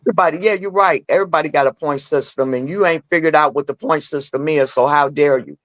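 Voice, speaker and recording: A middle-aged woman telling candid personal stories as a podcast guest. She acts out the dialogue in her stories with lively voices. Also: low-pitched, quick pace, dry recording. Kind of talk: candid storytelling chat.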